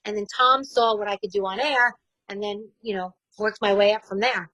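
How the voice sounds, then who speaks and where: A woman in her forties with a New York accent, a radio host telling her story in a casual interview, candid and quick to laugh. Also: medium pitch, steady tone, a bit bright, dry recording, rough recording.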